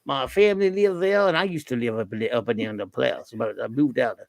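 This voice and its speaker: A man's voice: mid-range voice, a little fast, creaky, no echo. A man from Louisiana, hosting a casual livestream chat and breaking into a Cajun impression. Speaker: host.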